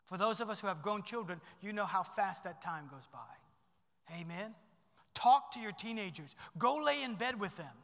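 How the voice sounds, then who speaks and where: A middle-aged pastor preaching a sermon in a church, animated and swinging between loud bursts and hushed asides. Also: male voice, high voice, moderate pace, long reverb tail.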